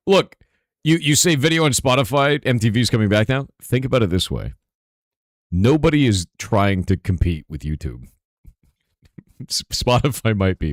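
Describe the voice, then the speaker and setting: A hoarse man streaming live, answering chat in a rambling casual way with lots of "right?" asides. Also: on the low side, no echo, clean studio sound. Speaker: streamer and game developer.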